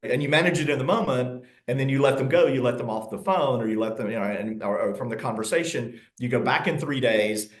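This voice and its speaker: A man's voice: mid-range voice, a little fast, hardly any pauses. A middle-aged man with a Southern American accent, a real estate agent talking things through in an interview, often repeating and restarting his words. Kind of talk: interview, casual conversation. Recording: roomy echo.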